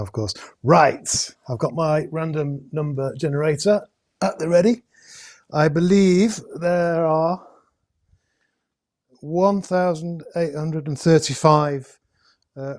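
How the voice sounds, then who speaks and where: A man hosting a casual live-stream raffle draw from indoors, talking in a chatty, halting way with many hesitations and jokey asides. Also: on the high side, a little mellow. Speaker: host drawing raffle prizes. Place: indoors at home with a camera crew.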